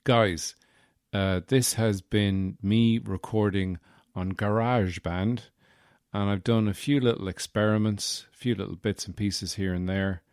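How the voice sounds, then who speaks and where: A man's voice: lowish voice, fairly even intonation, measured pace, darkish tone, clear, resonant tone, dry recording, studio quality. A man hosting a solo podcast, rambling through a casual, jokey chat with the odd swear. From Ireland. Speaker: podcast host.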